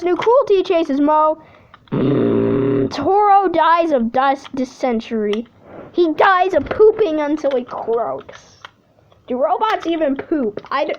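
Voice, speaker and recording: High-voiced woman reading aloud playfully. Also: dull audio, slight background noise. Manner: playful, cheers and jokes between readouts. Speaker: channel host. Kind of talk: reading simulator results aloud with commentary.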